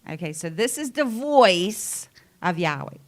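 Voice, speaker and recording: A woman's voice: fairly low pitch, big pitch swings, measured pace. A woman giving a sermon in an earnest, conversational way, stressing key phrases by repeating them. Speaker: preacher.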